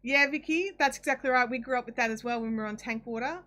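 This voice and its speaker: Australian woman, live craft stream host, casual rambling chat at a home desk mic, voice pitched a touch high. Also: quick pace, sharp tone. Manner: chatty and rambling, with frequent ums and self-corrections. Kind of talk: casual chat, reading viewer comments aloud.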